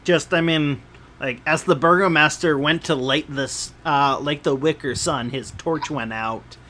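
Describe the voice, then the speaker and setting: A man narrating a tabletop game as game master, describing scenes in a measured, descriptive way. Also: a little high, sharp tone, a little hiss or hum.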